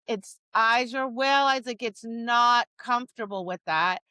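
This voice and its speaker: A woman's voice: fairly high pitch, measured pace, sharp tone, clean tone, dry recording. A woman co-hosting a podcast about dog training, talking casually and acting out cheery voices and dog reactions. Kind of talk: casual chat.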